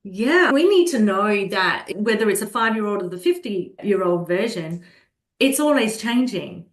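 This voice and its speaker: A woman guest speaking calmly and earnestly in a conversational interview about caring for children. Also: medium pitch. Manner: calm, earnest, slows down when acting out soothing a child. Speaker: guest, children's holistic health practitioner. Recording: roomy echo.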